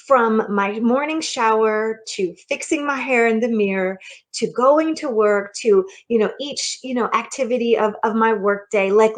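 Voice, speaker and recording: A middle-aged woman, a minister and mindset coach, giving an earnest, conversational motivational sermon, often checking in with the listener. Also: on the high side. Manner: earnest and conversational, with frequent restarts and "okay?" check-ins.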